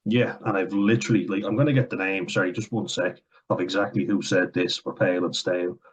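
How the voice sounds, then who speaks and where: A man's voice: low-pitched, steady tone, fairly quick, breathy edge. An Irish man talking bluntly and profanely in a casual, sardonic opinion rant for his vlog. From Ireland. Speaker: vlogger.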